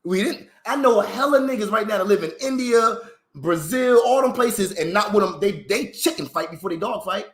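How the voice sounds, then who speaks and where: A man's voice: high voice, normal speed. A man ranting in a rambling, profane vlog monologue, full of slang and rhetorical questions. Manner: animated, swearing, heavy slang, rhetorical questions. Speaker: vlogger. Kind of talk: profane, rambling opinion rant. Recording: roomy echo.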